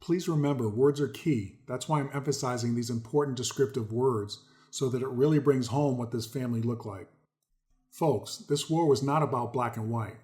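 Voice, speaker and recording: A man's voice: medium pitch, normal speed, dark tone. A man hosting a video, reading historical articles aloud and commenting on them with emphasis, repeating key words to drive them home. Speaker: video host.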